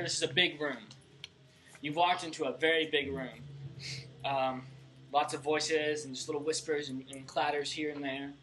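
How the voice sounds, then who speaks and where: A man's voice: fairly high pitch, steady tone, normal speed, sharp tone, a little hiss or hum. A young man narrating a tabletop game as dungeon master, in a casual way with fillers. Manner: casual, with fillers while describing scenes.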